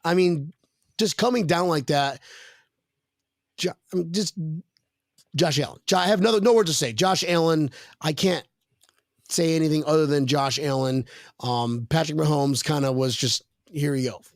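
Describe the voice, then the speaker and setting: A man's voice: a little high, normal speed, long pauses, no room sound, studio quality. A man hosting a casual sports podcast, joking and rambling as he reads viewer comments aloud. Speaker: podcast host. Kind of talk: casual chat.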